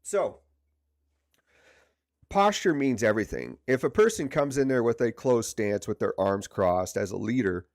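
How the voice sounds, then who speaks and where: A man's voice: mid-range voice, expressive, measured pace, no room sound, clean studio sound. A man leading a livestream leadership training session, speaking conversationally and repeating words for emphasis. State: stiff neck from poor sleep. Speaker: leadership coach.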